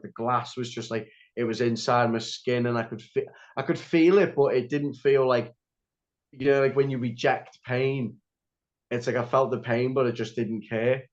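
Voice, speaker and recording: A young man telling a story as a podcast guest, rambling with lots of "like" and restarts. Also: mid-range voice. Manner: rambling, heavy use of "like" and restarts. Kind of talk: casual storytelling interview. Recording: slightly dull lo-fi audio.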